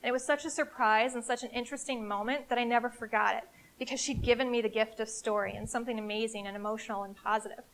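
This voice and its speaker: A woman with a somewhat high voice gives a live conference talk. She is energetic and emphatic, speaking casually and directly to the audience in the room. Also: fast. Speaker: CEO giving a marketing presentation.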